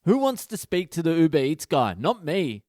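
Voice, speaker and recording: A man's voice: a little high, very animated, moderate pace, darkish tone, no room sound, clean studio sound. A middle-aged man, hosting a comic podcast and telling a story in a brash, swear-heavy monologue. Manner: swears constantly, brash and exaggerated. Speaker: comedian podcast host.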